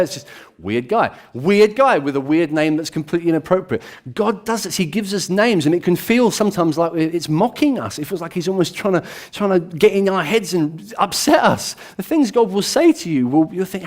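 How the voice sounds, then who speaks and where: A British man preaching a sermon in a church room, animated and storytelling, with self-deprecating humour. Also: fairly high pitch, moderate pace. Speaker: pastor.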